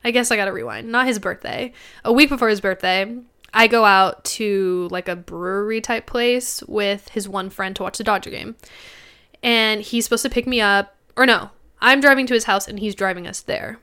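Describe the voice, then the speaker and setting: Young woman, podcast co-host, casual storytelling, bright tone, smooth clear voice, animated, swearing. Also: medium pitch, normal speed.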